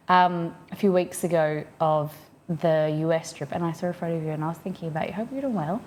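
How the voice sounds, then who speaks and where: A woman's voice: sits low, fast, darkish tone. An Australian woman livestreaming from her home office, chatting casually and rambling as she reads out viewers' messages.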